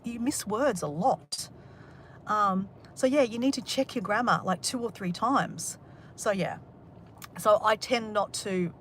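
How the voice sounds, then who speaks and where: A woman's voice: medium pitch, fairly bright tone, slight background noise. An Australian woman chatting casually on a livestream, rambling and joking with a sarcastic, self-mocking humour as she reads out viewer comments. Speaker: livestream host. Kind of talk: casual live chat reading comments.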